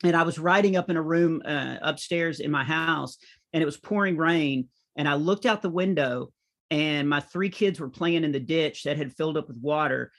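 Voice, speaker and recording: A man's voice: fairly high pitch, moderate pace. A middle-aged man, a comedian and author, telling anecdotes in a conversational interview. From United States. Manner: animated anecdotal storytelling.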